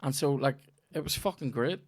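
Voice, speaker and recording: A man's voice: medium pitch, moderate pace. Sweary man telling stories. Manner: sweary, rambling storytelling. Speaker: comedian. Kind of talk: casual podcast chat.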